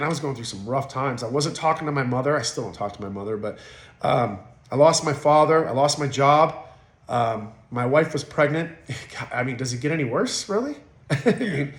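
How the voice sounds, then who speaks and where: A man's voice: fairly high pitch, a bit bright. A man in his forties talking candidly as an interview guest, blunt and emotional, with profanity and frequent restarts. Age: 40s. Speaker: podcast guest. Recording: roomy echo.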